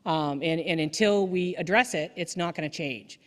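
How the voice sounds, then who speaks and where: A woman lawyer giving a candid, energetic story-driven speech at a dinner event. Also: fairly low pitch, normal speed. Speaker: defense attorney. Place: banquet hall. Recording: echoey hall.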